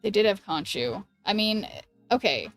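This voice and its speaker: A woman's voice: mid-range voice, animated, a bit bright, faint music behind. Woman streamer thinking aloud. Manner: thinks aloud, halting restarts, chats with viewers. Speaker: streamer playing a card game. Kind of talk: casual live-stream commentary.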